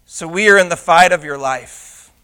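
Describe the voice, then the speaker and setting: A man preaching a sermon as a pastor, swinging between loud emphatic declarations and hushed intimate asides, asking the congregation rhetorical questions. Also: on the high side, moderate pace, clear, resonant tone.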